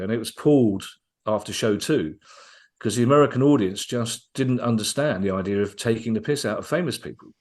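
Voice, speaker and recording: A comedian guests on a podcast, spinning anecdotes with lively energy. He trips over his own words and restarts often, then carries on talking. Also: lowish voice. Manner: lively storyteller, frequent restarts.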